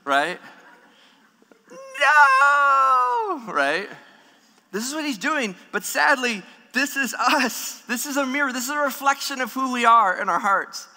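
A man preaching a sermon as pastor, animated and humorous, acting out the voices of people in the story. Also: extremely high pitch, normal speed, hardly any pauses. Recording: long hall reverb.

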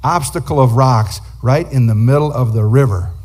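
A man preaching as a guest speaker, telling a story in an animated way and acting out the people in it. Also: medium pitch, moderate pace. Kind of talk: sermon storytelling.

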